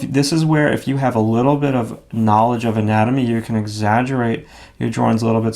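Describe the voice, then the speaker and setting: A man giving a relaxed drawing lesson, talking through each stroke as he draws, with frequent fillers and self-critical asides. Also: mid-range voice, creaky. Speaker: drawing instructor. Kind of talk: casual instructional narration while drawing.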